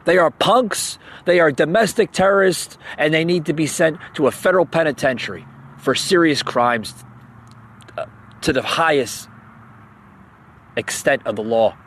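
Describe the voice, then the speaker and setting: A man's voice: on the high side, normal speed, a bit bright, a little hiss or hum. A man hosting a podcast, ranting heatedly about politics, stammering and repeating himself as he gets worked up, with bursts of mocking sarcasm. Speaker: podcast host.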